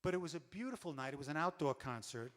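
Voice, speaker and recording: Brief: wry storyteller man, slightly high voice, on a reverberant stage. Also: fast talker. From New York. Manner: animated, wry. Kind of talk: comic stage monologue.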